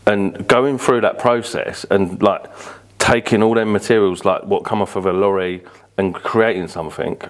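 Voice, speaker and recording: A man's voice: fairly low pitch, steady tone, normal speed. A British man from Birmingham, a podcast guest telling rambling stories with lots of fillers and casual swearing. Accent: British English. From Birmingham, England. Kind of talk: casual interview storytelling.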